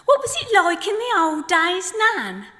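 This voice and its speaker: A chattering baby boy flamingo with a Black Country accent, put on by a woman poet. His voice jumps up high and bright with eager questions. It is heard live in a hall with a long ringing reverb. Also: big pitch swings, a little slow, exaggerated voice. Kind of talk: performed poetry reading.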